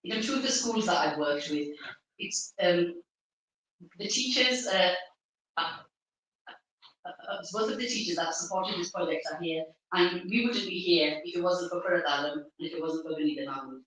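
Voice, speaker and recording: A woman hosting a live community event, speaking to an audience at a venue through a stand microphone, pausing often with fillers and restarts. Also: on the low side, a bit bright, slight background noise. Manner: halting, with many fillers and restarts. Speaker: event organizer and host. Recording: very echoey hall, mic far off.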